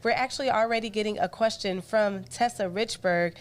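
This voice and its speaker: A woman from the American South, a news anchor casually hosting a live online Q&A, animated and slipping into other voices when she quotes people. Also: mid-range voice, fairly quick. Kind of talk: casual live-stream chat.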